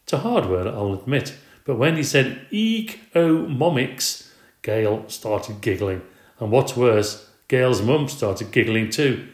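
A man narrating a children's story in an expressive, conversational audiobook reading. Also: on the low side, a little slow. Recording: roomy echo.

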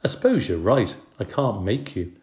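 A breezy, sly young woman babysitter, as a man puts her on in a storybook reading. She sounds raised in pitch and teasing, clever and unhurried. The voice rings in an echoey room. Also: sing-song, darkish tone.

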